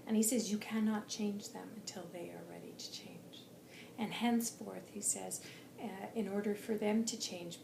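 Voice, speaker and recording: Woman doing a channelled reading, slow and earnest, keeps saying he says, echoey room w/ faint hiss. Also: mid-range voice, gravelly. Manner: unhurried, earnest, repeats "he says" and drops into soft whispers. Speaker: intuitive reader channelling a spirit guide.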